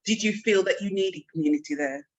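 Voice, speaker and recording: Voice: medium pitch, lively intonation, brisk, vocal fry, highs cut off. A podcast host asking probing questions and cutting in during a conversational interview.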